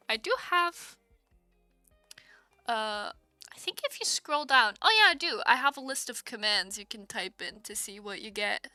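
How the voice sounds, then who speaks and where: A young woman talks casually to her live viewers while gaming, with a bright, ringing voice pitched a little high. She giggles a lot and keeps breaking into excited exclamations. Soft music plays quietly underneath. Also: measured pace, pauses often, no room sound. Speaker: streamer.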